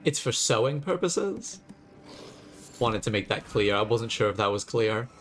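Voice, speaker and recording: A man's voice: medium pitch, sing-song, a little slow, fairly bright tone. A man streaming a video game and chatting to viewers with sarcastic, jokey asides. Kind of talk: live gameplay commentary.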